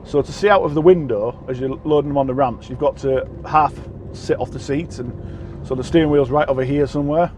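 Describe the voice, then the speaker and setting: Rambling English truck driver, mellow voice. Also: male voice, mid-range voice, brisk, hardly any pauses, slight background noise. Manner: rambling, self-deprecating, many fillers and restarts. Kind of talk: casual vlog chat. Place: truck cab, on the road.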